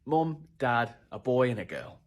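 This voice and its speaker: A man's voice: medium pitch, very animated, unhurried. British man telling a comic story. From Britain. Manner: dry, self-mocking comic delivery. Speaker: vlogger. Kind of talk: humorous storytelling to camera.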